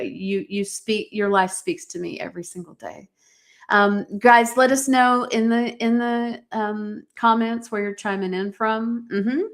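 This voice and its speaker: A middle-aged woman hosting a live-streamed podcast, giving an earnest, encouraging talk and speaking directly to her viewers. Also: medium pitch. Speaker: podcast host.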